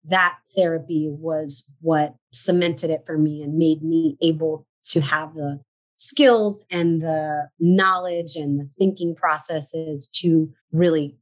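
A woman's voice: sits low, steady tone, slow, rough recording. A woman in her forties, a podcast guest, candidly telling her story and acting out her past thoughts in quotes. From United States. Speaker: podcast guest, shop owner.

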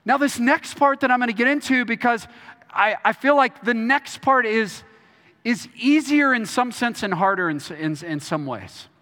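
Pastor from Texas, very high and bright voice, earnest, stumbling restarts, reverberant church hall. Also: male voice, lively intonation, moderate pace. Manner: earnest, repeats words and restarts often. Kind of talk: sermon.

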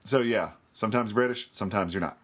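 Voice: medium pitch, fast talker, breathy edge. A co-host of a casual chat about classic films, wry and explanatory. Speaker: podcast co-host.

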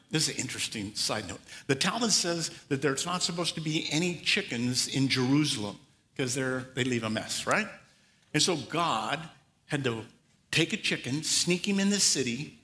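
Bright-voiced man preaching a sermon. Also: fairly high pitch, long reverb tail. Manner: animated storytelling with quick acted asides. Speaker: pastor.

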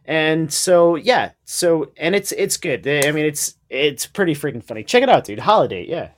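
A man's voice: fairly high pitch, expressive, normal speed. A man who is a guest on a podcast, talking in a rambling, casual way and swearing now and then. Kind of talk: casual chat.

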